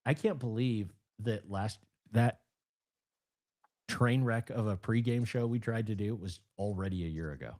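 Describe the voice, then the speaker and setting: A man in his thirties co-hosting a casual podcast, an animated storyteller who bursts into excited emphasis. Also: fairly low pitch, a little slow. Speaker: podcast co-host.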